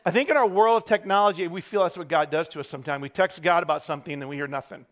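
A middle-aged man preaching a sermon as pastor, building to shouted peaks between wry parenting asides. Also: a little high, rapid-fire.

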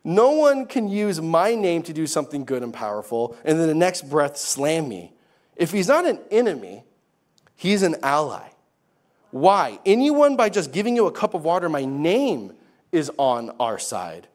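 A man's voice: on the high side, big pitch swings, a little slow. A man voicing a teacher who firmly corrects his followers with an emphatic rebuke. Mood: stern.

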